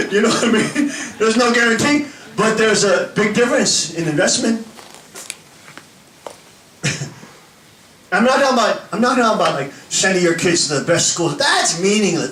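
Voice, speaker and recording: Animated pastor in an echoey hall. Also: male voice, high voice, measured pace, long pauses, recorded from a distance, a little hiss or hum. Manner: animated, laughing often, acting out scenes. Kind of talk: sermon. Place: church hall with an audience.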